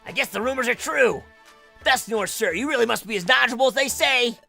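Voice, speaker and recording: A man's voice: very high voice, a little fast, creaky, bright, forceful tone, faint music behind, pitched above the performer's own voice, heavily acted. A man doing an eager young monkey explorer. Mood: cheerful. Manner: cheerful, polite, raised put-on voice.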